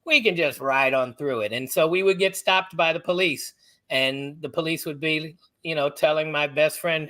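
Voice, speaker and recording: A middle-aged man, an author from the United States, guest on a podcast, telling personal stories in an animated, halting way. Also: fairly high pitch. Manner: animated, halting, acts out others' voices. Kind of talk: personal storytelling in a podcast interview.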